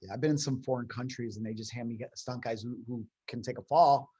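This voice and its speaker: A man chatting easily with a friend, chiming in with his own tales from stunt work abroad. His voice has a plain middle pitch and a relaxed conversational flow. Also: fairly quick, breathy edge. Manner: chatty, adds his own set stories. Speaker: podcast co-host, stunt performer. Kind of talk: casual chat.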